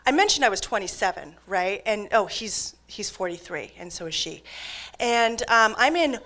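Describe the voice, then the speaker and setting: A woman telling a true comic story live to an audience, animated, swinging between loud and hushed. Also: medium pitch, moderate pace.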